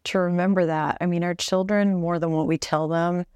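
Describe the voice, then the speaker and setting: A woman's voice: fairly low pitch, steady tone, normal speed, a little mellow, clean tone, no room sound. A woman hosting a podcast interview, asking reflective questions drawn from her own experience. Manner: reflective, shares personal experience. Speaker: podcast host.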